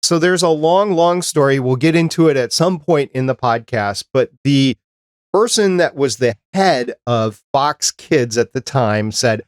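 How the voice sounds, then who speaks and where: A man hosts a podcast chat in a relaxed, rambling way, at a middling pitch. His voice sounds close and dry, with no room sound around it. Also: a little slow, dry recording. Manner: easygoing, rambling, chatty. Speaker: podcast host.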